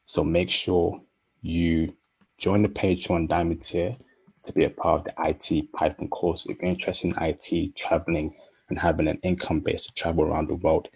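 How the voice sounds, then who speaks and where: Slow-talking deep-voiced male stream host. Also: little pitch movement, darkish tone, breathy edge. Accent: non-native English. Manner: slow, deliberate speech. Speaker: livestream host. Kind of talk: casual livestream talk.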